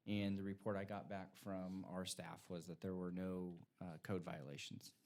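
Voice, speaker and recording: A male city manager giving a formal, measured report to a council meeting. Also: low voice, little pitch movement, darkish tone. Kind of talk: official report.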